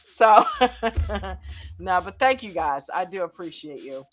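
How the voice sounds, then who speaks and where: A woman hosting a live stream chat, greeting viewers by name in a lively, casual way and laughing often. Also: fairly low pitch, a little slow.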